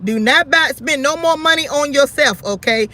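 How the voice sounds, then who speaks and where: A woman with a strikingly high voice that has a bright, forceful edge. She hosts her own commentary vlog and talks in a blunt, sassy, scolding way, addressing people one by one. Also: moderate pace. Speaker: YouTube channel host.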